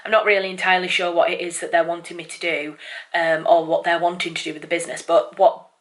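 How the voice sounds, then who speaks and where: A woman's voice: fairly low pitch, level tone, fast talker, a bit bright. A woman, a writer, chatting casually to camera in a vlog, rambling with lots of fillers and sounding a bit apologetic. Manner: apologetic and self-conscious toward viewers. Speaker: writer and vlogger.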